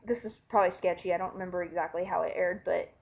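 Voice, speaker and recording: Woman vlogger, excitable casual recap delivery, swears freely, dull lo-fi recording. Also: on the low side, fast, gravelly. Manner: animated, chatty, swears casually.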